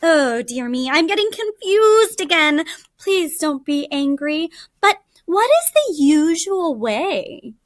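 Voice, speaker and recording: A woman's voice: sits high, expressive, no echo, studio quality. A woman voicing a sly male jackal who frets and pretends to be confused in a storybook read-aloud. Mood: fretful. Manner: dithering, fretful, drawn-out.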